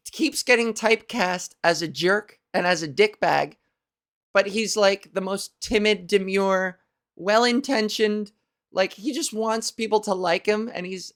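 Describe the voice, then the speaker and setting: A woman's voice: mid-range voice, a bit bright. A woman comedian hosting her own podcast, rambling through a profane comic monologue.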